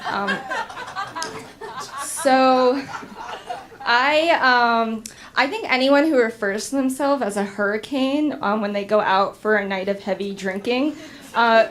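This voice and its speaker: A young woman performs a stand-up set on a club stage, her delivery deadpan and halting, with constant ums. Her voice sits a little high. A faint hiss of noise lies under the recording. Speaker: stand-up comedian. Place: comedy club stage with audience.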